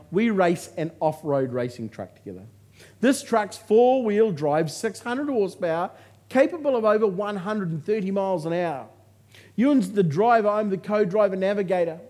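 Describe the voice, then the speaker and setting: A man's voice: sits high, darkish tone. A man giving a motivational speech to a live audience from a stage, telling his story with humour and punchy lines. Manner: humorous, punchy storytelling with jokes. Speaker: motivational speaker.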